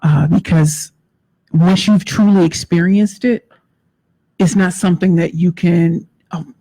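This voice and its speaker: A woman's voice: lowish voice, steady tone, measured pace, mellow, poor audio. A woman with a Nigerian accent, a guest coach, talking in an emphatic, motivational way and often repeating her phrases. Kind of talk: interview conversation.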